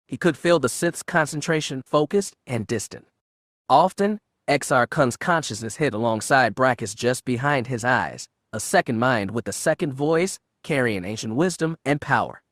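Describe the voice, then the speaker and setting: A man reads a space-adventure novel aloud in a measured, even narration. His voice sits in a middle register, and the recording is dry and close with no room sound. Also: medium pitch, dry recording. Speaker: audiobook narrator. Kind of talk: audiobook narration of fan fiction.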